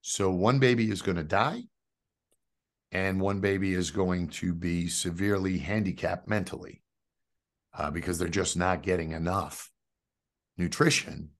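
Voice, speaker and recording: A man, telling a personal faith story as a guest, jumping from loud outbursts to hushed asides. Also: low voice, unhurried, long pauses. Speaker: guest giving a faith testimony. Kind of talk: animated storytelling.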